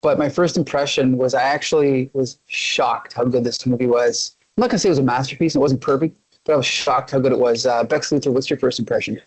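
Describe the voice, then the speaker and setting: A man's voice: medium pitch, fairly even intonation, fast, breathy edge, low-quality recording. Upbeat man hosting a podcast chat. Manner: upbeat, keeps steering the talk. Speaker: podcast host. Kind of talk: casual chat.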